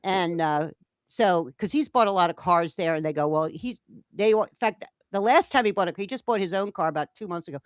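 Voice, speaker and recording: A woman's voice: lowish voice, brisk, no room sound, clean studio sound. A woman co-hosting a casual chat, telling a story animatedly and acting out the dialogue of the people in it. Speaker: co-host.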